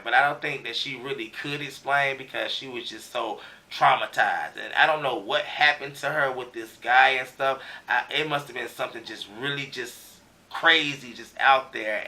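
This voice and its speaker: A man's voice: mid-range voice, normal speed, bright, forceful tone. Guy rambling through a tv recap, slangy, lots of um and you know, sounds kinda far off the mic. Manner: loose slangy storytelling with many fillers. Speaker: TV show recap reviewer. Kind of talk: casual recap commentary.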